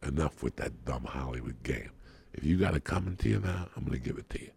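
A man's voice: rumbling low, animated, fast, vocal fry, a little mellow, a little hiss or hum. A middle-aged man, a guest comedian, telling a rowdy, profane story on a podcast and acting out the people in it.

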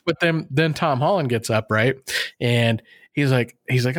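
A man co-hosting a casual podcast, telling stories with animation. He pitches up to act out other people's lines. His voice sounds dry and close, with no room echo. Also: normal speed. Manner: animated storyteller, acting out quotes in higher voices. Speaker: podcast co-host. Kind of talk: casual chat.

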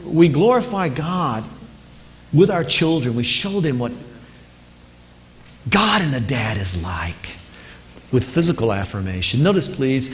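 A man of ordinary pitch delivering a sermon, earnest and emphatic. He leans on repeated phrases and turns brisk and animated when telling a story. A faint hum of noise sits behind him. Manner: lively storyteller, speeds up in anecdotes. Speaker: preacher.

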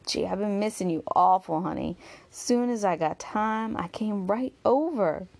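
A woman's voice: mid-range voice, expressive, a little slow, vocal fry, darkish tone. A woman voicing a defensive, coaxing young man in a spoken audiobook, with a drawling, wheedling manner.

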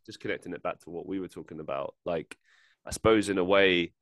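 A man's voice: low-pitched, fast talker, a bit bright, no room sound. A man hosting a casual podcast interview, rambling and self-deprecating, often repeating his words. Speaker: podcast host.

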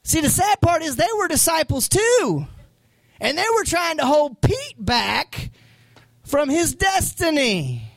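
A man preaching a sermon as pastor, animated and acting out voices from the story. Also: extremely high pitch, takes it slowly, gravelly, dry recording.

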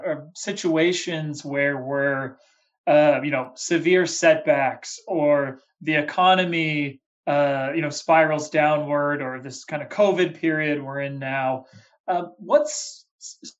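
A man hosting an interview. He asks his questions in a loose, conversational way and takes his time. His voice sits a bit high and comes through dull and lo-fi. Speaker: podcast host. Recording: dull lo-fi sound.

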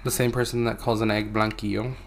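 A young man co-hosting a podcast in casual chat, crude and joking, breaking into loud laughter. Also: lowish voice, flat delivery, fairly quick, creaky. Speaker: podcast co-host.

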